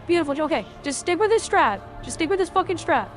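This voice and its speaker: A woman streaming a video game, reacting loudly and swearing freely at each twist of the fight. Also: extremely high pitch, fast talker, few pauses, faint music behind. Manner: excitable, swears a lot, talks at the game. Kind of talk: live gameplay commentary.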